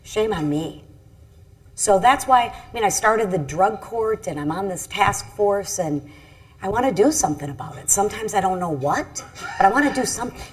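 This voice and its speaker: A middle-aged woman, a congresswoman, telling a personal story on a panel in an earnest, halting way with many restarts. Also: mid-range voice, animated, breathy edge. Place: event stage.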